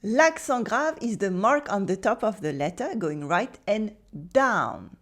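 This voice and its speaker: A woman with a French accent teaching pronunciation, speaking slowly and carefully and repeating words for the listener. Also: medium pitch, very animated. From France. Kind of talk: pronunciation lesson.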